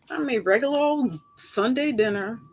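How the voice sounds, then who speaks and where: Chatty, rambling woman tarot reader. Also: moderate pace. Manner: chatty, rambling, jumps between topics; laughs easily, swings up high for emphasis. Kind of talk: casual chat with viewers before a reading.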